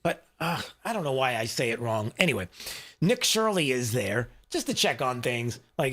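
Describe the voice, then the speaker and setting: A man's voice: medium pitch, expressive, normal speed, a bit bright. A male talk radio host speaking from a studio. He rambles in a casual, chatty way, full of fillers and asides to his producer off-mic.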